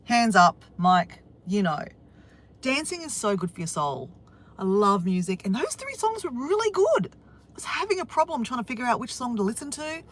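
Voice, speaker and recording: An Australian woman chatting excitedly in a casual vlog, swearing now and then, outdoors by the ocean on a windy day. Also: mid-range voice, normal speed. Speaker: vlogger.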